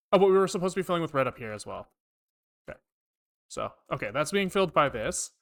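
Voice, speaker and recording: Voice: medium pitch, sing-song, quick pace, vocal fry. A programmer on a live coding stream, thinking aloud while typing and often swearing in frustration at the code.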